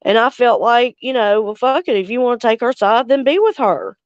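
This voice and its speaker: Woman in her forties, livestream host, blunt and angry, smooth clear voice, dry and slightly muffled sound. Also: on the high side, moderate pace, no room sound. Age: 40s. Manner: angry, blunt, heavy swearing, reads out viewer comments. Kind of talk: casual livestream chat with viewers.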